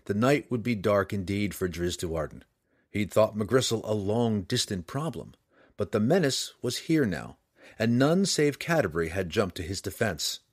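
A middle-aged man reading a fantasy novel aloud as scripted narration, with expressive storytelling. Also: fairly low pitch, moderate pace, no room sound, studio quality. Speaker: audiobook narrator.

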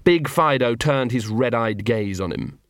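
A man's voice: mid-range voice, expressive, a little slow, no room sound. A man narrating an audiobook in a dry, wry storytelling manner.

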